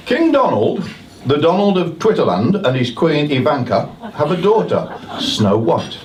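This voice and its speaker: A man's voice: on the high side, very animated, unhurried, darkish tone. A man introducing an amateur pantomime to a live audience, chatty and self-mocking with jokey asides. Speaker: pantomime compere. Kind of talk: comic stage introduction. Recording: echoey, distant live room, noisy.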